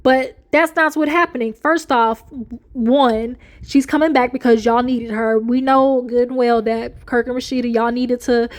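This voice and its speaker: High-voiced woman recapping with lively retelling. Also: measured pace. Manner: animated storyteller, slips into the voices of the people she quotes, laughs often. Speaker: reality TV recapper. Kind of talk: casual chat, retelling with acted quotes.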